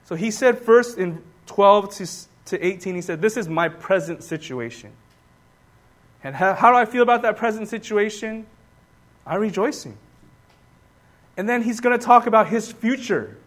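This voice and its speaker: A man's voice: high-pitched, animated, normal speed. A man preaching a sermon as pastor, emphatic and repetitive, calling on the congregation to answer back. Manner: emphatic, repeats key words, rising to loud bursts.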